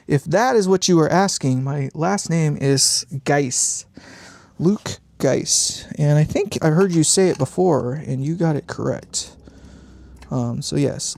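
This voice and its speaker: A man's voice: on the high side, gravelly, no room sound. A man hosting a live amp build stream, talking casually and muttering and swearing at small parts as he works.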